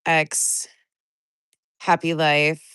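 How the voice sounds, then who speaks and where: A woman's voice: low-pitched, completely flat delivery, extremely slow, a bit bright, smooth, dry recording, studio quality. A woman with a stuffy nose from a cold, hosting a casual live stream, greeting chatters by name and venting bluntly with plenty of swearing. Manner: greets chat viewers by name. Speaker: livestream host.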